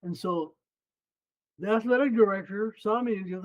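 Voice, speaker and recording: A man's voice: sits high, fairly quick, dull audio. A man in his seventies, a former runner and coach, telling a story in an interview and acting out the other people in it. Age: 70s. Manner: animated, acts out quoted voices.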